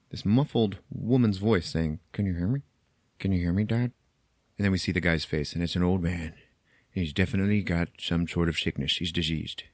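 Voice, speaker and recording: A man with a fairly low voice hosts a podcast, walking through a film's plot in loose, chatty recap. He curses freely and laughs at his own jokes. The sound is dry and close. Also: no echo. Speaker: podcast host recapping a film. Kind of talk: casual chat, plot recap.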